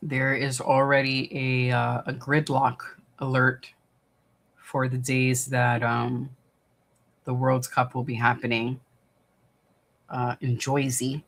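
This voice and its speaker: A livestream watch-party host from the New York area chats in loose, rambling runs packed with "um" and restarts. At an ordinary middle pitch, his delivery is flat, creaky, a bit bright, casual and unhurried, as if reading viewer comments into a desktop streaming mic at home.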